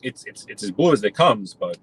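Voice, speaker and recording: A man's voice: on the low side, sing-song, a little fast, breathy edge, low-quality recording. Chatty New man talking while driving. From New York. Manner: rambling, chatty, addresses viewers by name. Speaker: live-stream host. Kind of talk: casual chat while driving. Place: in a car.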